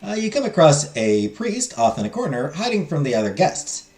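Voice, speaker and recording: A man's voice: on the high side, big pitch swings, moderate pace, a little mellow. A man streaming a story game, reading the narration aloud and joking playfully about the voices he does. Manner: playful, laughs at his own voices. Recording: roomy echo with faint game music.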